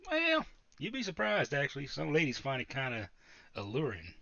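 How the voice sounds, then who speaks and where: A man's voice: mid-range voice, wildly swooping pitch, moderate pace, creaky, sharp tone, dry recording, lo-fi sound, heavily acted. A man voicing a cursed male adventurer who speaks in a strange put-on accent, crude and laid-back. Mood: wry.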